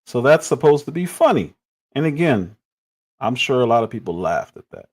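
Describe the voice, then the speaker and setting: A man's voice: mid-range voice, big pitch swings, moderate pace, breathy edge. A man in his forties giving critical, exasperated commentary on clips during a livestream.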